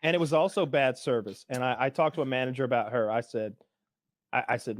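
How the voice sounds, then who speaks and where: A man's voice: mid-range voice, a little fast, no echo. A man co-hosting a podcast, telling a story in casual chat and mimicking the people in it. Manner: animated, mimics people in his stories. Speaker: podcast co-host.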